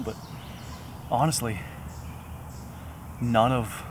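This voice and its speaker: A man's voice: fairly low pitch, background noise. A man whispering outdoors in the woods, hosting a hunting vlog on a camera mic, with birds heard around him. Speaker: hunting video host.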